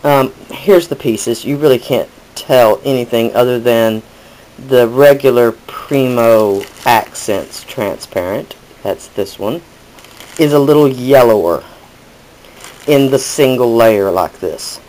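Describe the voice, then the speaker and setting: A man's voice: mid-range voice, takes it slowly, a little mellow, rough recording. A man hosting a casual crafting tutorial, chatting and correcting himself as he demonstrates. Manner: chatty, rambling with self-corrections.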